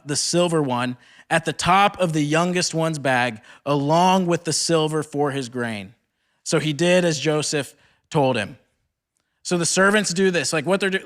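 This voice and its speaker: High-voiced young man preaching casually. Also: a bit bright. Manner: casual retelling peppered with "like". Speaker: speaker at a campus ministry retreat. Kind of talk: sermon mixing scripture reading and casual retelling.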